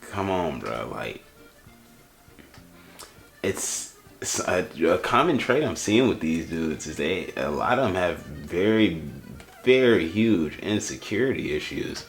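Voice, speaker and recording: A young man doing comedic reaction commentary, ranting in slangy, exasperated bursts that often stammer and restart. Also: deep voice. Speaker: YouTube roast commentator.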